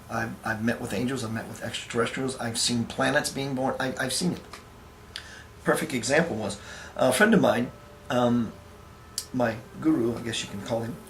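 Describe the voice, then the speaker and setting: A man talking casually to camera, telling an anecdote in a relaxed way with fillers and restarts, and acting out the voices in his story. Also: mid-range voice, slight background noise. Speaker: spiritual teacher.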